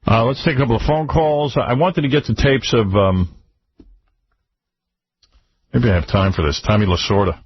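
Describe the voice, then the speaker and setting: A man hosting a radio show, giving wry, deadpan commentary in casual chat. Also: mid-range voice, normal speed, pauses often, husky, dry recording. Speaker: radio host. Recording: dull radio broadcast.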